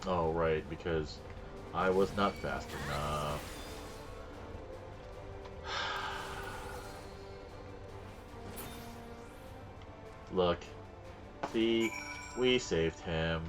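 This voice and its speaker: With a deep voice and slow pace, a man streaming a game chats casually, spinning rambling stories and doing the voices of the people he quotes. Music plays in the background.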